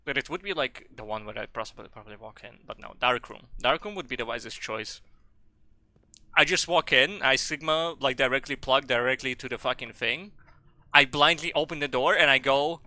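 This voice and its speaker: Male game streamer, very bright tone, dry close mic; rambling jokey commentary, profane, loud spikes. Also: mid-range voice, fast talker, no echo. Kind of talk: casual live gameplay commentary.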